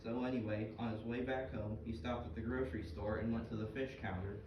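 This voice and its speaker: A man's voice: fairly low pitch, fairly even intonation, brisk, lo-fi sound, natural voice. An actor playing Mike, a chatty middle-aged fisherman who tells jokes and fish trivia in a comedy skit. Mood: storytelling. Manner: folksy, joke-telling, full of trivia. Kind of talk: scripted comedic dialogue. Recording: roomy, distant, noisy stage recording.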